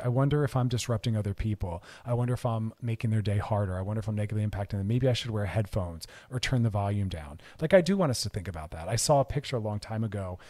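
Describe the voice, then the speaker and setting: A man's voice: on the low side, a little mellow. A man hosting a radio talk show, speaking earnestly and animatedly as he gives advice in a monologue. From California, United States.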